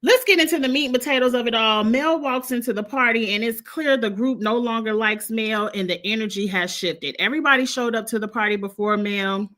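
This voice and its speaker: A woman's voice: on the high side, brisk, few pauses, fairly bright tone. A woman from Illinois with a blended Midwestern and Southern US accent, giving a blunt, sassy, opinionated recap of reality TV in casual chat. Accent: Midwestern US mixed with Southern US. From Illinois, USA.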